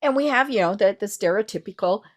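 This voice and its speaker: Lively, expressive woman chatting as host. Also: mid-range voice, quick pace. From Colorado mountains. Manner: animated, chatty, frequent affirming murmurs. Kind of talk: casual conversational interview.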